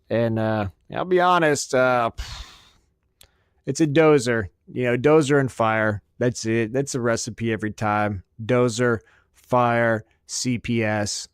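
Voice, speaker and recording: A man's voice: mid-range voice, takes it slowly, clear, resonant tone, no room sound, clean studio sound. A man hosting a podcast, ranting crudely and sarcastically and swearing constantly. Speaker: podcast host. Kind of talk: profane comedic rant.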